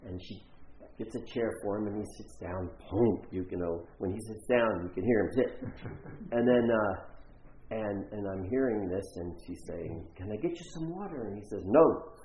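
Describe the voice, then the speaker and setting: A man's voice: fairly low pitch, normal speed, darkish tone, a little hiss or hum. A man preaching a sermon as a pastor, telling a story and acting out the voices of the people in it. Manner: storytelling with acted-out quotes. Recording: roomy, slightly dull church recording.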